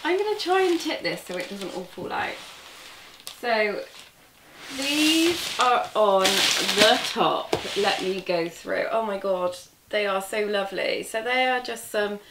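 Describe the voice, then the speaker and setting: A woman chatting excitedly in a casual vlog, gushing as she unboxes a parcel, a little away from the camera. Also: medium pitch, slow, roomy sound, slight background noise. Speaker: crochet vlogger. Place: indoor room at a table. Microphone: camera set back from her.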